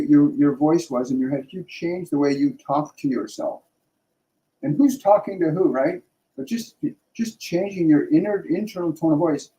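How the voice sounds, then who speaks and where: Earnest spiritual stream host, middle-aged man, very mellow tone, dull lo-fi audio. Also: on the high side. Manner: earnest, rambling, frequent restarts and "right?" tags. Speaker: spiritual channeler hosting a live stream. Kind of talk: casual spiritual talk.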